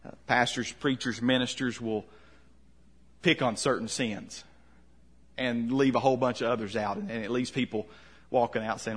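Husky-voiced man preaching a sermon. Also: medium pitch, steady tone, moderate pace. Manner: conversational, questioning, with soft dropped endings. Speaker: pastor.

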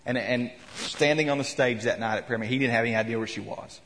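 A man's voice: medium pitch, fast talker, fairly bright tone. A man preaching a sermon in a church, telling a story and retelling quotes with rising emphasis. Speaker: pastor. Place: church sanctuary. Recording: long hall reverb.

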